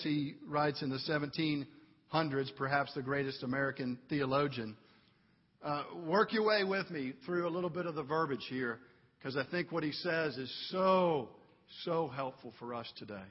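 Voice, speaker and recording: A man's voice: on the high side, breathy edge, big-room sound, muffled recording. A man preaching a sermon as pastor in a church, earnest and building to fervent emphasis. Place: church sanctuary.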